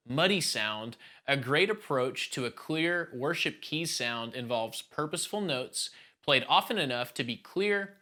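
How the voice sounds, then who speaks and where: A man gives a calm, step-by-step keyboard lesson for a church band. His voice is bright and forward, with a steady, even tone. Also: medium pitch. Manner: explains step by step, calm teaching tone. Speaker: worship keys instructor. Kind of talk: instructional talk.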